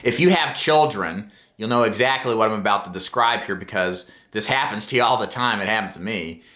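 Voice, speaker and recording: A middle-aged man coaching new sales agents, his voice bright and forward. He lays out points earnestly and with emphasis, checking in with listeners as he goes, in a roomy space with noticeable echo. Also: fairly low pitch, a little fast. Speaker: insurance sales trainer. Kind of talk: instructional talk to camera.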